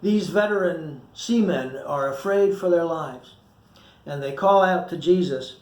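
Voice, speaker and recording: A man's voice: a little high, a little slow, a little mellow, echoey room. A male pastor giving a short sermon, reading scripture with feeling and acting out the quoted voices. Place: church.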